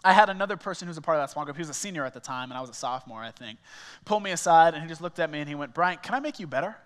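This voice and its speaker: A man's voice: fairly high pitch, expressive, rapid-fire, clear, resonant tone. A young man preaching a sermon as a small groups pastor, telling stories in a conversational, self-mocking way. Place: church auditorium. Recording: reverberant church hall.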